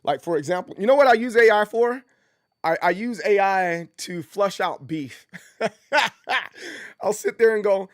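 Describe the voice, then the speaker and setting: A male streamer talking casually on his livestream, rambling through stories with lots of restarts and sudden jumps into squeaky mock voices. His voice sits a bit high for a man. The sound is dry and close, with no room around it. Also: lively intonation, a little slow, pauses often, no echo. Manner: frequent restarts and laughter.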